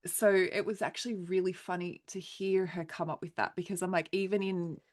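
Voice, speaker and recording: A woman's voice: fairly low pitch, steady tone, brisk. A woman podcast host in casual conversation, chatty and laughing through her stories.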